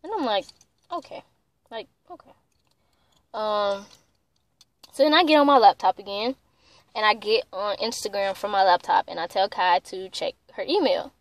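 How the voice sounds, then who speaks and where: A woman's voice: mid-range voice, moderate pace, no room sound. A young woman tells a heated, profane story in a casual vlog, full of "like". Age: young adult. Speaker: vlogger.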